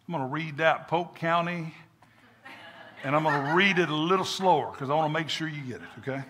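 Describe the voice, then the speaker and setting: Pastor preaching, high bright voice. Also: male voice, animated, moderate pace, slightly rough. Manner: preaching cadence, repeats words for emphasis, call and response. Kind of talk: sermon. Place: church sanctuary with congregation. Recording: echoey church hall.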